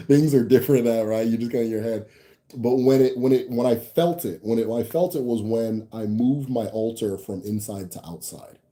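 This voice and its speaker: A man's voice: mid-range voice, dark tone. A young American man hosting a casual livestream, reading viewer comments and rambling with restarts and laughs. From United States. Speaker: channel host answering viewer comments.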